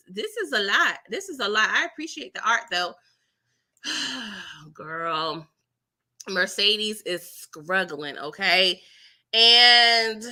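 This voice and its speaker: A woman hosting a casual live-stream recap, animated and chatty, who laughs often and keeps tagging her lines with "okay?" and "girl". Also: mid-range voice. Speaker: TV episode recap host.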